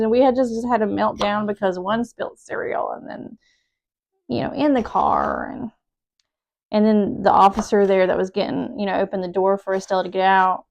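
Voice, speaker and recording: A woman's voice: mid-range voice, flat delivery, moderate pace, creaky, a little mellow. A woman in her thirties talks to the camera from her home kitchen while she cooks. She tells a hectic morning story in a rambling way, emotion close to the surface. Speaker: mom vlogger cooking at home. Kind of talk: casual chat while cooking.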